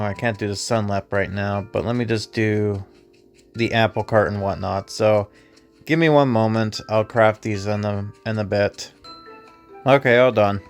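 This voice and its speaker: Sarcastic man playing a video game. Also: fairly low pitch. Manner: sarcastic, easily exasperated. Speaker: gaming streamer. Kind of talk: casual gameplay commentary.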